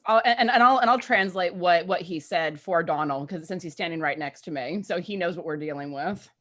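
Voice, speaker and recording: A woman playing a tabletop game, excitable and blunt. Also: lowish voice, brisk. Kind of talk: casual chat.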